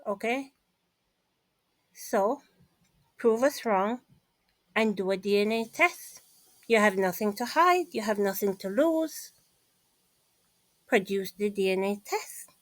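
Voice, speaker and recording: A woman's voice: mid-range voice, animated, slow, long pauses, no room sound, poor audio. A woman vlogger giving a casual commentary monologue, emphatic and repetitive, speaking straight to her listeners.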